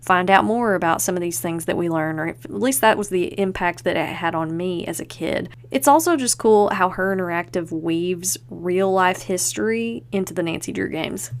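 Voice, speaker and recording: Woman, podcast host, lower-pitched, casual enthusiastic chatter. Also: clean tone. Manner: chatty and enthusiastic, loose with fillers like "like".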